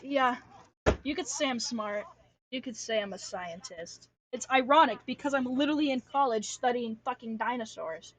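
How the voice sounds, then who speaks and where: At home in front of her computer, a young adult streamer from Alaska chats loosely on a livestream, slangy and self-deprecating, cursing without restraint. She speaks at normal speed on the high side, with slight background noise.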